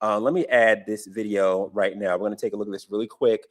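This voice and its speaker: A man's voice: lowish voice, steady tone, fast talker. Emphatic man hosting a podcast. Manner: emphatic, repeats phrases, trails off with "whatever". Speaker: podcast host. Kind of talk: casual podcast commentary.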